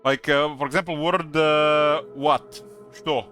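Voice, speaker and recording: A man's voice: on the high side, normal speed, pushed and bright, smooth, faint music behind. A man from Croatia with a Croatian accent, speaking English as a second language, chatting casually on a live stream and rambling with lots of hesitant fillers. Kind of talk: casual chat while gaming.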